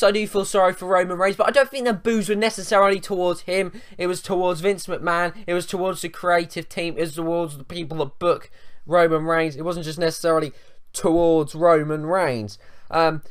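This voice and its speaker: A young man giving a blunt, swearing rant in a video review, with lots of ums. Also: fairly high pitch. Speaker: wrestling show reviewer.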